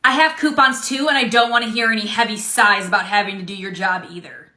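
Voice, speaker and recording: A woman's voice: medium pitch, fairly even intonation, fairly quick, pushed and bright, lightly acted. A woman playing a nagging coupon customer. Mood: impatient. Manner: nagging, suspicious, bossy. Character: fussy coupon-clipping female customer, impatient and suspicious. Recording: echoey room.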